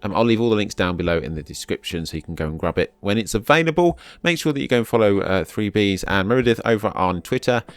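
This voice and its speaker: Low-voiced man chatting through a game. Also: expressive, fast, few pauses, dry recording. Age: 40s. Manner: chatty, wry asides with occasional laughs. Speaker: game video host. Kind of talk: casual gameplay commentary, reading game text aloud. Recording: faint background music.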